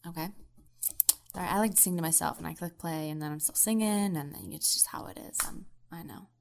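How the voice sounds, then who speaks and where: A woman's voice: lowish voice, brisk, creaky, background noise. A woman chatting casually and apologetically before her audition. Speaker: voice actor auditioning.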